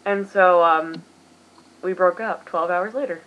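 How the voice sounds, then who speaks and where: A woman's voice: on the low side, measured pace, dull audio. A tired young woman in her late teens from the US, rambling self-deprecatingly through a casual vlog as its host. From United States.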